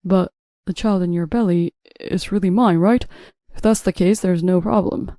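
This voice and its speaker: A woman voicing a weak young husband who protests loudly and then begs, reading a drama story aloud. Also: on the low side, fairly even intonation, moderate pace, dry recording, clean studio sound, close to an everyday voice. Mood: indignant. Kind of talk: audiobook narration.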